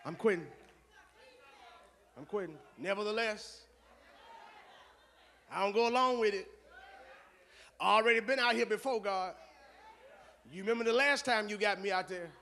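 A man preaching a sermon as pastor, moving from low conversational asides to loud shouted call-and-response. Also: moderate pace, pauses often, a little hiss or hum.

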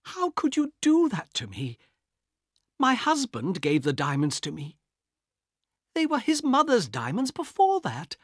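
A man voicing a desperate, frightened young woman in a storybook, speaking high and pleading. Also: slow pace, pushed and bright, slightly rough, dry recording, clean studio sound, full character voice.

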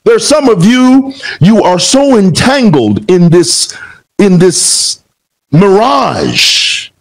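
A man's voice: high voice, slightly rough, low-quality recording. A man from Zambia giving a heated reaction commentary, combative and rhetorical, repeating phrases for emphasis. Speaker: political commentator.

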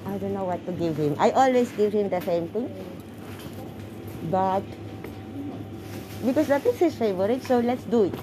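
A woman's voice: medium pitch, lively intonation, normal speed, long pauses. A woman vlogging on a handheld phone while out shopping, rambling in chatty, broken English. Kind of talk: casual vlog monologue. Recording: noisy phone recording.

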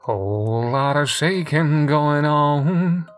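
A man voicing an undead male rock star who answers in a slow, heavy drawl. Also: mid-range voice, faint music behind. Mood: crooning.

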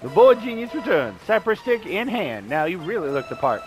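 Here a man voices a brash male skeleton sailor who taunts and cackles in a fake Southern drawl, with game music playing underneath. He speaks high and sing-song at a moderate pace, and the audio quality is poor.

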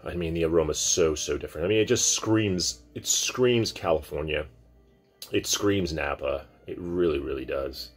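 A man casually talking through a wine tasting at home, rambling and relaxed with many restarts. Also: extremely low pitch, moderate pace, slightly rough, soft background music. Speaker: wine vlogger.

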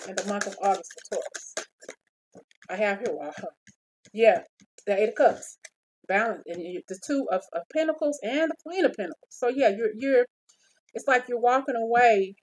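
A woman's voice: mid-range voice, a little hiss or hum, rough recording. A woman doing a casual tarot reading, talking straight to the listener and repeating phrases as she stops and starts. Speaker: tarot reader.

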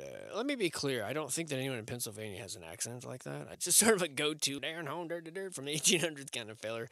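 A man's voice: medium pitch, quick pace, few pauses, dry recording. A man giving casual, sarcastic commentary on old photos, cursing freely. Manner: animated, sarcastic, swearing. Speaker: video host.

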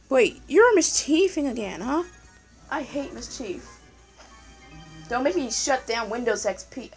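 A young woman commentating her puzzle game casually, excitable, yelling at the game and repeating "no" over and over. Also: high voice, a little slow, long pauses, faint music behind, low-quality recording. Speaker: gameplay commentator.

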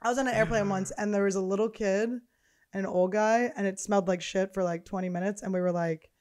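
Fast-talking woman telling crude stories. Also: mid-range voice, steady tone, a little mellow. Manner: profane, laughing storyteller. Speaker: podcast host. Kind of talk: casual comedic chat.

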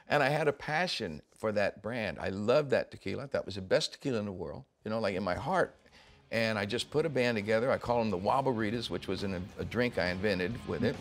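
Older guy rambling through stories in an interview, laughs a lot, does little voices for people, lowish voice. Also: fast. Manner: animated, laughs often, acts out quoted voices. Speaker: interviewee, rock musician. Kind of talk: casual storytelling interview.

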